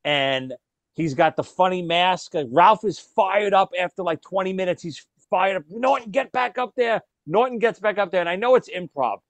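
A man's voice: high-pitched, moderate pace, no room sound. A man hosting a casual chat, telling stories with laughter and acting out the lines he quotes. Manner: animated storyteller, laughs, acts out quoted lines. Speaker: podcast host.

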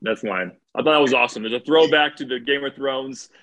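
A man's voice: mid-range voice, fairly quick, fairly bright tone. A man on a podcast explaining his choice earnestly, rambling a little with fillers. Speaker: podcast co-host. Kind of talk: casual podcast chat.

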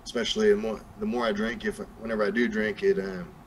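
A man's voice: fairly low pitch, little pitch movement, fast, slight background noise, poor audio. A young man with a Southern accent, chatting casually as a podcast guest and rambling with lots of fillers and restarts. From New Mexico. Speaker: guest rapper.

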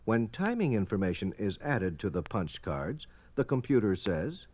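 A man's voice: on the low side, very animated, normal speed, darkish tone. Formal male documentary narrator. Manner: formal, explanatory.

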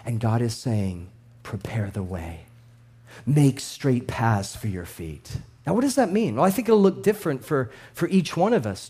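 A man in his thirties preaching a sermon as a pastor, animated and storytelling, swinging between hushed and loud with laughs. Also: high voice.

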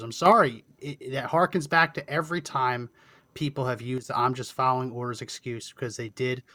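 An earnest man with a mid-range voice makes his case in a talk-show conversation. He speaks in a measured way and restarts now and then. The recording is dry and close. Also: mid-range voice, sharp tone, no room sound. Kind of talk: casual discussion.

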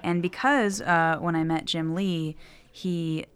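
A woman's voice: on the low side, steady tone, takes it slowly, fairly bright tone. Giggly woman co-hosting a podcast. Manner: giggly, bubbly teasing. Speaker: podcast co-host. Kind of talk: casual chat. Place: podcast booth.

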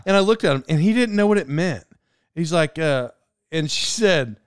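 A middle-aged man with a somewhat high, smooth voice tells meandering stories to his listeners. The sound is dry and close, and his delivery is loose and chatty. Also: a little fast, dry recording. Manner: rambling, animated, laughs at his own story. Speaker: podcast host. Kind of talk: casual storytelling monologue.

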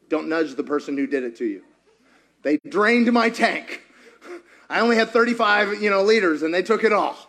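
A man preaching a sermon as pastor, animated and playful, firing questions at the congregation and acting out voices. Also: high voice. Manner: animated, asks the crowd many questions; playful, acts out quoted voices.

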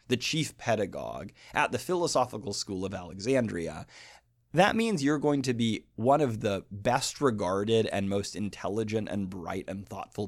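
Guy with a low gravelly voice doing a poetry lecture podcast, dry close mic. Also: no echo. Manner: scholarly, explanatory, with sung-out meter examples. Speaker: literature lecturer.

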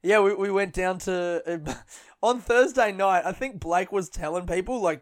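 Rambling man, clear voice. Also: high voice, measured pace. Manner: rambling, laughs a lot, swears freely. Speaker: comedian podcast host. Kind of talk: casual chat.

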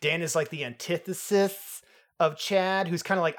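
A man's voice: fairly high pitch, moderate pace. A man co-hosting a podcast, chatting casually about a film with playful jokes and asides. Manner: animated, jokey, playful asides. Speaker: podcast co-host. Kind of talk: casual film review chat.

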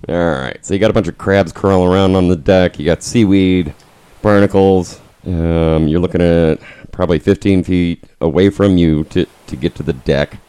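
A man narrating as game master of a tabletop game, describing the scene in a relaxed, unhurried way. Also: low-pitched, smooth, no room sound.

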